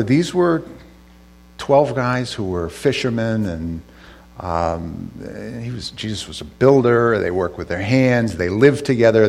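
A male pastor preaching in a relaxed, conversational way, slipping into asides and restarting his sentences as he retells scripture. His voice sits a little low and has a husky edge. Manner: casual, storytelling with asides and restarts. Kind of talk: conversational sermon.

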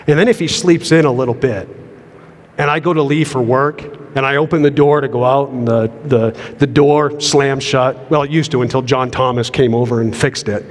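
A man's voice: medium pitch, fairly even intonation, normal speed. A middle-aged man delivers a sermon from the pulpit, earnest and conversational, doubling up words as he presses each idea forward. His voice sits in an ordinary male middle register. A long reverb trails behind him, as in a church sanctuary. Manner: earnest, repeats words when building a point. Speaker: pastor.

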